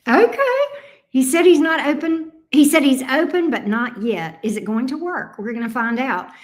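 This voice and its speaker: A woman's voice: high voice, animated, normal speed. A woman reading tarot on a casual livestream, sleepy and affectionate with her viewers. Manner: drawling and affectionate, sleepy, calls viewers love bug and honey. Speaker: tarot reader. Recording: roomy echo.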